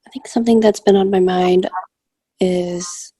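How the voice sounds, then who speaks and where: A woman in a coaching group asking a question on a video call, hesitant and soft-spoken with a breathy voice. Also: lowish voice, fairly even intonation, unhurried, no echo.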